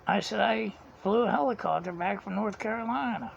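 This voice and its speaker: A man's voice: high-pitched, moderate pace, vocal fry. A man, telling a rambling story in a casual vlog, chuckling often and retelling conversations. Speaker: vlogger. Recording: dull lo-fi sound, faint background hiss.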